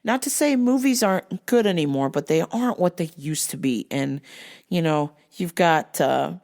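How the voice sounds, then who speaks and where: Woman vlog host, low and gravelly, exasperated and profane. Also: lively intonation, moderate pace, a little mellow. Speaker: vlog host and store worker. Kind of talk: casual vlog rant.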